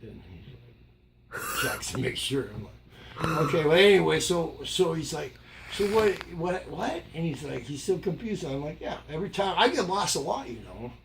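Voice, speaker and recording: Gravelly older man telling a story. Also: normal speed. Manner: animated, acts out quoted voices with jumps in pitch. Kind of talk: casual storytelling. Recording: loud background noise.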